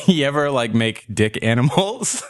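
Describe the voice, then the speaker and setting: A man's voice: mid-range voice, sing-song, takes it slowly, no room sound. A man hosting a podcast, joking crudely and laughing through casual comedic banter. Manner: crude, giggly, riffing. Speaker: podcast host.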